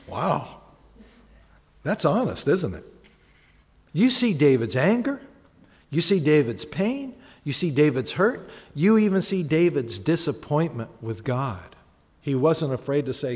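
A man's voice: a little high, very animated, a little slow, darkish tone. A man preaching a sermon as a pastor, talking conversationally, asking the congregation questions and acting out honest prayers. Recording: long hall reverb.

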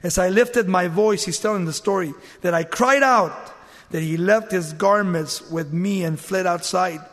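Preaching a sermon, a man dramatically performs the lines he quotes, with big swings in pitch and sudden jumps in volume. His voice is unhurried and fairly bright, trailed by long reverb.

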